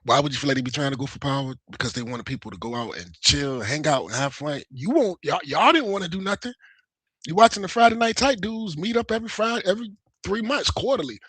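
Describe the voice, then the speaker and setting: A man chatting as a guest on a livestream, animated, slangy and profane. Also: on the high side, fast, slightly rough, dry recording. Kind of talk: casual chat.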